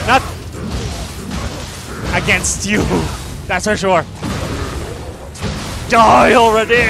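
A man with a high, wildly swinging voice commentates his gameplay, yelling reactions at enemies. He talks at an unhurried pace between his outbursts. Game music plays clearly behind him. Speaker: gamer. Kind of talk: let's play commentary.

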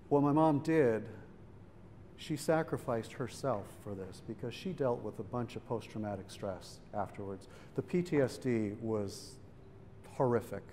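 His voice mid-range and dark in tone, a middle-aged man tells a family story at a public event held in a museum event hall. He keeps it conversational and acts out the voices of the people he quotes. Hall reverb and faint background noise are present.

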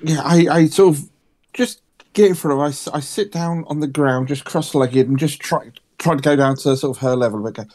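A man's voice: a little high, a little fast, a little mellow. A man playing a tabletop roleplaying game, stammering and earnest as he talks in character. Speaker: player.

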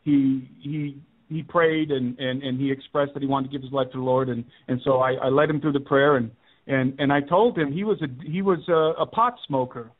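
A man's voice: medium pitch, steady tone, moderate pace. A man appearing as a radio show guest, telling a personal story in an earnest, emphatic way and repeating his key points. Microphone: telephone. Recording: tinny phone line on radio.

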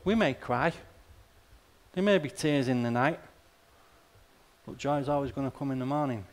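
A man's voice: medium pitch, normal speed. A male pastor delivering a sermon in a conversational, plain-spoken way, often tossing rhetorical questions and wry asides to the congregation. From Australia.

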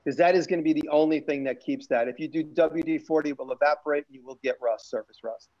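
A man's voice: fairly high pitch, quick pace. A man hosting a casual live-stream chat, rambling with frequent restarts and fillers. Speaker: show host and maker. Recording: lo-fi stream audio.

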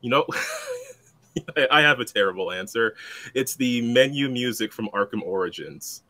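A man's voice: mid-range voice, huge pitch swings, a little slow, pushed and bright. A man introducing himself as a player on a game stream, rambling and self-deprecating in casual chat.

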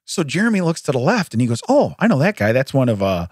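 A husky, medium-pitched man talks fast in a dry, clean studio recording made on a studio microphone. As a podcast co-host in casual chat, he tells a story with lots of laughter and acts out what others said.

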